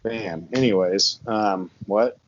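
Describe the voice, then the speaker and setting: A podcast host rambles casually with lots of fillers and laughs on his horror comedy podcast, recorded in his barn with the door open and a fan on. His lowish voice is slow, and the recording is muffled with slight background noise.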